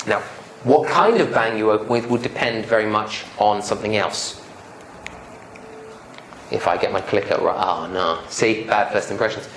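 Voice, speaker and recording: A man with a lowish, slightly bright voice speaks at a normal pace while giving a live public speaking presentation in a lecture room. He's playful, cracking jokes and quizzing the audience. The recording has a roomy hall sound with faint noise.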